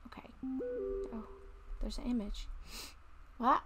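A woman's voice: on the high side, unhurried, pauses often, slightly rough. A middle-aged woman giving jumpy commentary while playing a horror game at home, talking to herself and dropping to whispers when tense.

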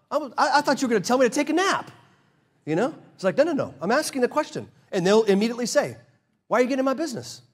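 A man preaching a sermon as pastor, casual and conversational, acting out both sides of dialogues and slowing down to read scripture. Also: fairly high pitch. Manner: slows down and drops quiet to read scripture.

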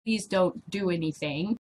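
A woman's voice: fairly low pitch, slow pace, rough recording. A middle-aged woman hosting a casual video blog, rambling to the camera with frequent laughter. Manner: chatty, laughs often, drifts between topics. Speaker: vlog host.

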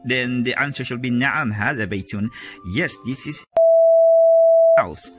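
A man teaching a casual video lesson, explaining step by step and repeating each word slowly. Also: mid-range voice, over music. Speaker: Arabic teacher.

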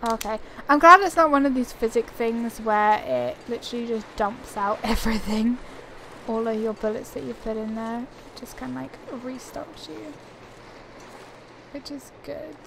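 Young woman talking through her game at the desk mic, kinda high voice, rambly and chatty. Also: moderate pace, gravelly, background noise. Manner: chatty and rambling, thinking aloud with light laughs. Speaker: gaming channel host. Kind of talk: casual gameplay commentary.

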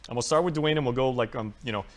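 Fast-talking male talk show host. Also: medium pitch. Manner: fast-talking, joking with guests. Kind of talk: casual interview.

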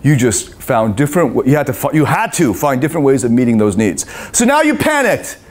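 A man's voice: medium pitch, lively intonation, fast talker, a little mellow. A middle-aged man coaching on relationships in a live seminar, swearing freely and acting out the voices of babies and parents.

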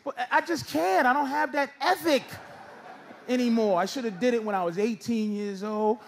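A man doing a stand-up comedy set on stage, ranting loudly with shouted bursts. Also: very high voice, moderate pace, vocal fry. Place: comedy stage before a live audience. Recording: live show with loud crowd noise. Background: audience laughter.

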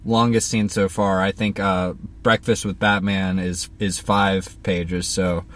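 A man's voice: low voice, takes it slowly. A man co-hosting a podcast, chatting casually and narrating a script. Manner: relaxed, with frequent fillers.

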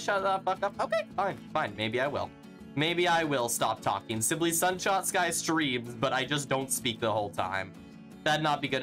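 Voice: medium pitch, fairly bright tone. A streamer giving live gameplay commentary, reading chat aloud and answering it in a playful, teasing, sarcastic way.

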